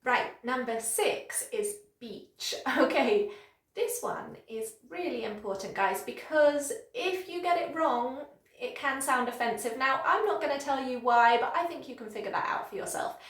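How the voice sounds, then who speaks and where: A woman English teacher speaks to camera in a slightly high voice, carefully exaggerating each word as she models it for learners. She keeps an encouraging, upbeat teaching manner throughout. The sound carries a noticeable echo from the room around her. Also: lively intonation. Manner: slow, exaggerated modelling of words with encouraging praise. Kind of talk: pronunciation lesson to camera.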